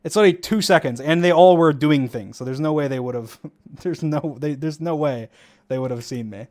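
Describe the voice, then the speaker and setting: Chatty man with a highish voice. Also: darkish tone. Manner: rambling, fast, many fillers, laughs often. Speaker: gamer commentating his own match footage. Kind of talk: casual commentary.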